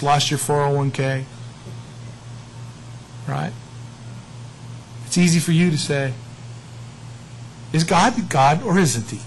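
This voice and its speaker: A middle-aged man teaching from the Bible in a loose, talky way, poking fun at himself as he goes. His voice sits high for a man. A faint hiss runs under the recording. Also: low-quality recording. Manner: conversational, animated, self-mocking. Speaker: pastor.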